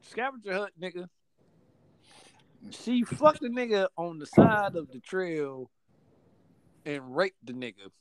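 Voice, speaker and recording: Animated man telling a profane story. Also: sits high, slow pace, pauses often, heavy background noise. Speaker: podcast host. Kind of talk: casual storytelling chat.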